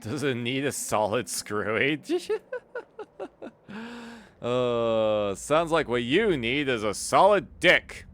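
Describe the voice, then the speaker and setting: A man's voice: medium pitch, slow pace. A young man streaming a video game, chatting casually, swearing and laughing easily. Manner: animated, profane, laughs easily. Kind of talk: casual gameplay commentary. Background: game music.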